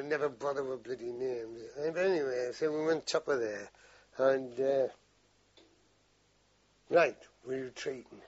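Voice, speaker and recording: Older veteran, husky voice, a bit high, swears freely, rambling yarns on dull lo-fi tape. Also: male voice. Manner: rambling, salty storytelling with frequent swearing. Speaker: veteran interviewee. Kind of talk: oral history interview.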